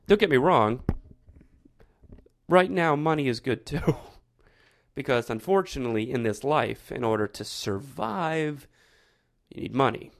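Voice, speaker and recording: A man's voice: mid-range voice, creaky, dry recording, clean studio sound. A man hosting a show, talking through his thoughts in a rambling, reflective monologue with frequent restarts. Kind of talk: casual monologue.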